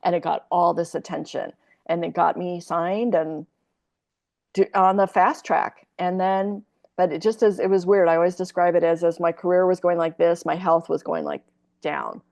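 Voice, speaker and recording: A woman's voice: fairly low pitch, fairly even intonation, moderate pace, creaky, darkish tone. A woman in her sixties, a podcast guest telling a candid personal story in a rambling, profane way, full of fillers and restarts.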